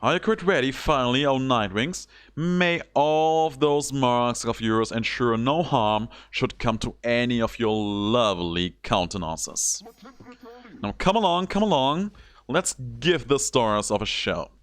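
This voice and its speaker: A man's voice: medium pitch, expressive, a little slow, clear, resonant tone, pitched above the performer's own voice, close to an everyday voice. A man voicing a flowery, theatrical male master of ceremonies who speaks in grand, old-fashioned, courtly phrases. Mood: grandiose.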